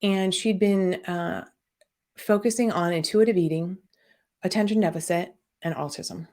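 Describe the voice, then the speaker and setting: A middle-aged woman who works as a podcast host and business coach tells a personal story with candor, rambling through lots of fillers and restarts. Her voice is lowish, steady and a little mellow, and she speaks a bit slowly.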